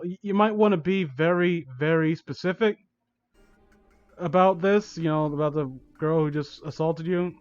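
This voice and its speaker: A young man with a fairly high voice who reads a fan story aloud and mocks it in sarcastic, exasperated asides. The sound is dull and lo-fi, in a dry room with no echo. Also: normal speed, clean tone, faint music behind. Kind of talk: comedic dramatic reading with commentary.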